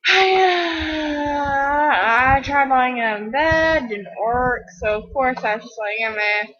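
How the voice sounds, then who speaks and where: Teen girl gamer, high slow-paced voice, rambly and giggly, muffled lo-fi mic. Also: a bit bright. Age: teens. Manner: giggly, rambling, self-mocking, acts out quoted people. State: tired from little sleep. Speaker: gaming video creator. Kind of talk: rambling casual chat over gameplay.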